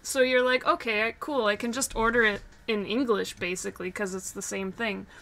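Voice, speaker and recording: A woman streaming casually while drawing, chatting and laughing often, getting animated when she tells a story. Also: on the high side, moderate pace, creaky.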